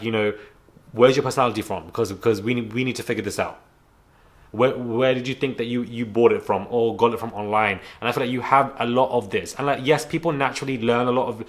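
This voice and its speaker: A young man ranting to camera at home, frank and indignant, rambling with restarts and a self-described stutter. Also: medium pitch. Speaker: YouTube commentator. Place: home on a rainy day.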